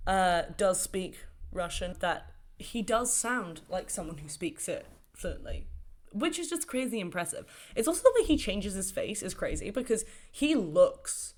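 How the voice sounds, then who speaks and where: A woman with a slightly low voice hosts a solo podcast. She talks casually and enthusiastically, rambling through her points with plenty of fillers and the occasional swear word. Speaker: podcast host.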